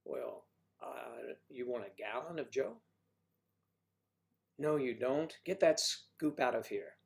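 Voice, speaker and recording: A man with a middle-pitched voice hosts a relaxed livestream chat. He jokes and riffs on viewers' names and hometowns. He jumps from loud bursts to muttered asides. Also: takes it slowly, gravelly. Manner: playful, jokey, riffing on viewers' names and places. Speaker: livestream host. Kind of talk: casual chat reading viewer comments.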